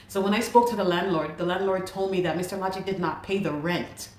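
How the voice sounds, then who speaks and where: Speaking fairly low and a little fast, a Ghanaian woman shares an emotional personal story as an interview guest. She sounds exasperated, repeating herself as she vents, and the recording has a roomy echo.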